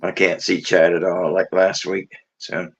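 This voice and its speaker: A man's voice: sits low, flat delivery, measured pace, gravelly. A man co-hosting a casual livestream, matter-of-fact as he sorts out technical problems. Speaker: stream co-host. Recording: dull lo-fi audio.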